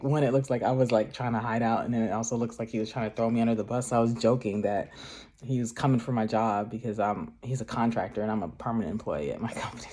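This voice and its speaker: A man's voice: medium pitch, a little mellow. Rambling casual man with a mid-range voice. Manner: rambling, many "like" fillers, laughs often. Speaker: craft vlogger. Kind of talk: casual chatty vlog.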